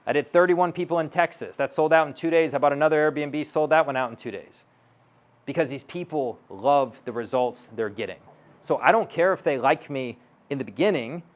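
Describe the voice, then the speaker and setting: A man's voice: on the high side, a little fast. A man giving a stage talk to an audience as a sales coach, brash and blunt, swearing and acting out both sides of dialogues.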